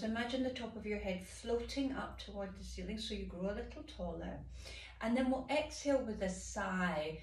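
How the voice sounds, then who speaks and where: A woman leading a yoga class with calm, gentle cues and sighing breaths, recorded in a room by a camera mic at a distance. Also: medium pitch, vocal fry. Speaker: yoga teacher. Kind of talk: guided yoga instruction. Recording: roomy, from off the mic.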